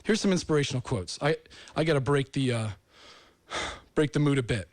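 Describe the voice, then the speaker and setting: A man's voice: mid-range voice, moderate pace, dry recording. A man from the United States hosting a talk show, delivering an earnest, rambling monologue that turns emotional. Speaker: host.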